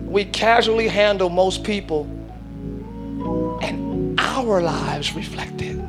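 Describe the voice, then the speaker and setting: A pastor preaching a live church sermon, with emphatic delivery that swings between shouts and hushed low lines. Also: male voice, slow, over music. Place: church sanctuary.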